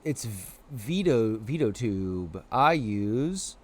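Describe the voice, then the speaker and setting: Slow and lowish, this man's voice rambles along as he streams a video game for his chat. He's animated and leans heavily on "like," pausing to coo playfully at the on-screen creatures.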